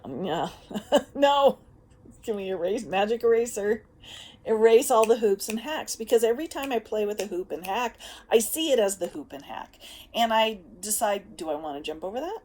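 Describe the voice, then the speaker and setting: Speaking at a medium pitch, this woman delivers a laid-back self-help vlog monologue. She is lively and blunt, cursing freely and laughing a lot.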